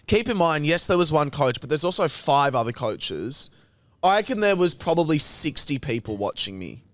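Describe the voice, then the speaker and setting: A young man, co-hosting a podcast, telling a story in casual chat, animated and sweary, acting out other people's lines. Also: fairly high pitch, moderate pace, no room sound. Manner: animated, sweary, acts out quotes. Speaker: podcast co-host.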